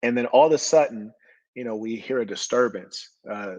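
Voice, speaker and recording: A man's voice: mid-range voice, normal speed, a little mellow, no room sound, highs cut off. A man telling a rambling, indignant story in slangy speech about being held in booking. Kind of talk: storytelling rant.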